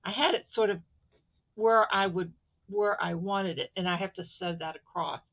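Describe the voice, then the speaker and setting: A woman's voice: medium pitch, normal speed. A woman from Florida chatting casually to her viewers as she shows off a sewing project, rambling and stopping to handle the fabric. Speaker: crafting vlogger. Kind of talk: casual craft show-and-tell. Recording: tinny phone-quality audio.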